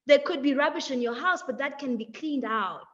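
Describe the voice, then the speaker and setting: A woman's voice: high-pitched, expressive, fairly bright tone, highs cut off. A young woman giving a reflective motivational talk in a webinar. She draws out her phrases and keeps checking in with "right?" and "like". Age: young adult. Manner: measured, drawn-out phrasing, frequent "like" and "right?". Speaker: webinar speaker.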